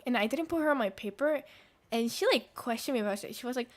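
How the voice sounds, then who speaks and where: A woman's voice: fairly high pitch, expressive, quick pace. A young woman streamer chatting casually while gaming, rambling through anecdotes with fillers and laughs.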